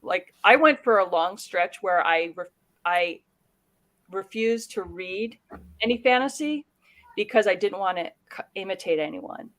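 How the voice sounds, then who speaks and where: A woman, a guest author on a panel, talking casually in quick bursts full of "you know" and "like". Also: mid-range voice, fairly bright tone.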